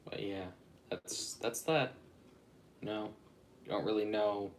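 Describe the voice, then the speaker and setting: A man's voice: on the low side, steady tone, slow pace, slight background noise. A man rambling casually on a livestream, chatting and reacting to viewer comments. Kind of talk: casual live-stream chat.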